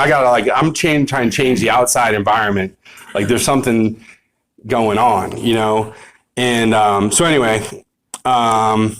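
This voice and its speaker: A middle-aged man telling his recovery story at a meeting, rambling and candid, stopping often to ask if you know what he means. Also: lowish voice. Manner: candid, self-mocking with laughs. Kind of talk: personal recovery testimony.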